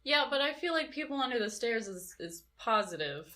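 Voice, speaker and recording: A woman's voice: on the high side, very animated, brisk, pushed and bright. A woman co-hosting a podcast, chatting casually and laughing easily. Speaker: podcast co-host. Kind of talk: casual chat.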